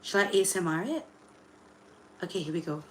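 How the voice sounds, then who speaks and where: A young woman, hosting a casual livestream, chatty and full of fillers, excitedly greeting viewers. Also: lowish voice, fairly quick, slight background noise. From Singapore. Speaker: livestream host and tarot reader.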